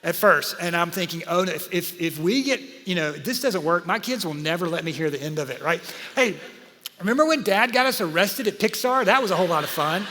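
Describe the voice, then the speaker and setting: A man, preaching a sermon full of stories and speaking straight to his congregation in a lively, conversational way. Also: high-pitched, brisk. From Georgia, USA. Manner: animated, conversational, talks to the audience. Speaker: pastor. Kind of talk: sermon with storytelling. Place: church auditorium. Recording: live church hall with long reverb.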